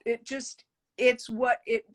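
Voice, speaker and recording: A woman's voice: a little high, little pitch movement, takes it slowly. A woman puppeteer talking animatedly in an interview, laughing often and acting out quoted voices. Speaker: puppeteer guest. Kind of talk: casual interview chat.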